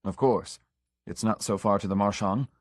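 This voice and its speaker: A man's voice: lowish voice, moderate pace, no room sound, natural voice. Man voicing a boastful, volatile young suitor.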